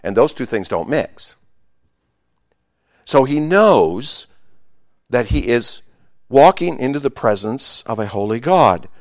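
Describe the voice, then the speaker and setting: Lively, emphatic male preacher. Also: medium pitch, slow pace, long pauses, dry recording, clean studio sound. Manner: emphatic preaching, swinging between loud exclamations and hushed asides; conversational, with humorous asides to the congregation. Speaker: pastor. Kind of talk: sermon.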